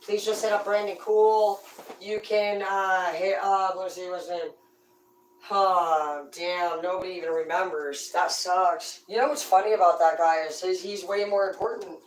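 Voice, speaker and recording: A woman's voice: on the low side, fairly even intonation, a little slow. A woman hosting a tarot channel, ranting casually with brash, profane, rambling talk. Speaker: tarot reader and host. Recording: echoey room, voice far from the mic.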